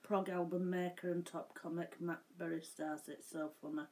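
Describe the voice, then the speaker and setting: A woman's voice: on the low side, flat delivery, normal speed, darkish tone. A woman co-hosting a live show, chiming in with dry, teasing remarks. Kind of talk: casual live-stream chat.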